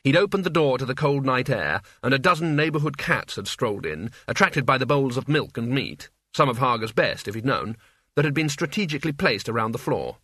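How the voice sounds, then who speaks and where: Bright, wry male audiobook narrator. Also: medium pitch, lively intonation, fairly quick, no room sound. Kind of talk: scripted narration.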